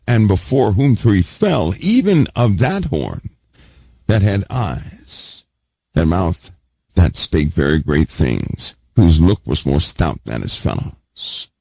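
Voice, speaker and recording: A man's voice: fairly low pitch, gravelly, darkish tone, husky, dry recording. A man teaching a Bible sermon emphatically, repeating key words and putting questions to his listeners. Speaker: preacher.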